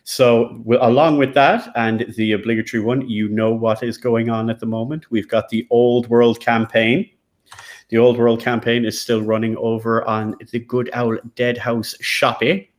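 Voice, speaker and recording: A man's voice: little pitch movement, moderate pace. Man co-hosting a gaming podcast. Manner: enthusiastic, acts out quotes with pitch jumps. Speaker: co-host. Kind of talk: casual podcast chat.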